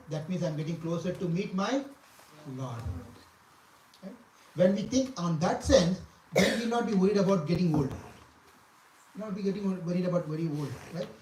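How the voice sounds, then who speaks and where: A man's voice: fairly high pitch, darkish tone, a little hiss or hum. A man teaching a scripture class, chanting verses and then explaining them with repetition and questions to his listeners. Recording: echoey room, from far off.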